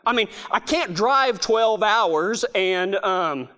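A man's voice: high-pitched, takes it slowly. A middle-aged man giving a humorous storytelling talk, laughing often as he goes. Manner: laughing, animated storyteller with restarts. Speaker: speaker.

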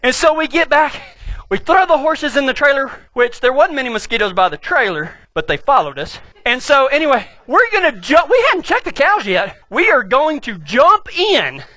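A middle-aged pastor with a West Texas accent tells a funny story in an animated, folksy way. His voice is high and bright, and it swings widely in pitch. The sound is dry and close. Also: moderate pace, no echo. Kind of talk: humorous storytelling sermon.

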